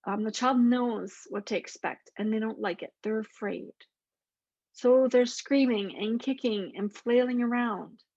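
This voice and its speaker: A woman explaining emotion coaching to teachers in an earnest, deliberate way, slowing down to repeat key lists. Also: a little high, a little mellow, dry recording. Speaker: clinician presenting to teachers. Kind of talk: explanatory talk to camera. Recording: dull lo-fi dry voice recording.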